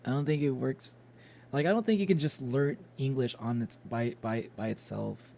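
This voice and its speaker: Gravelly-voiced man rambling on stream. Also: medium pitch, moderate pace, a little mellow, slight background noise. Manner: rambling, many fillers and restarts, chuckles often. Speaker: game streamer. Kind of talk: casual stream chat.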